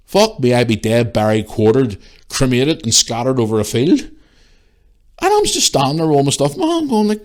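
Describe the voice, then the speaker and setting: A man hosting a casual podcast, telling a story in an animated rant with heavy swearing and sudden high-pitched outbursts. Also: fast talker. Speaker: podcast host.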